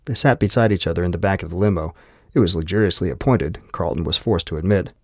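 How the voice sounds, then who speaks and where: Low-voiced male audiobook narrator. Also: fast talker, a little mellow, dry recording, clean studio sound.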